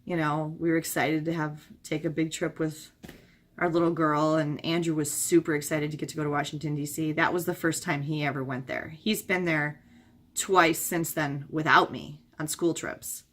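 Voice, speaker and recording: A hoarse middle-aged woman chatting casually as a travel vlogger, rambling through memories with many fillers. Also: deep voice, level tone, moderate pace, fairly bright tone. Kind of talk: casual chat.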